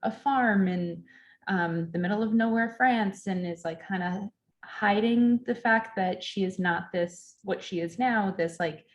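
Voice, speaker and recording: A woman on the library staff chats about a book in a relaxed, conversational way. She talks at an everyday pitch, filling her sentences with ums and likes. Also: unhurried, lo-fi sound. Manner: chatty, many ums and fillers. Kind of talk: casual book talk. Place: library event, recorded online.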